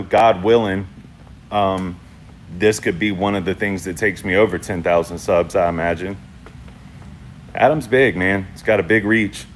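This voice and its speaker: A man hosting a casual livestream check-in from home on his phone, talking in a laid-back, slangy way and shouting out viewers in the chat. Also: low-pitched, a little hiss or hum. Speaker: channel host.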